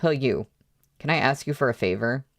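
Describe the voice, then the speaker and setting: A man's voice: mid-range voice, animated, normal speed, vocal fry, fairly bright tone, dry recording, clean studio sound. Male reader doing a nervous, apologetic younger sister; plain read, mid-range voice. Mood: pleading. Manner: apologetic, pleading. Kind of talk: audiobook reading.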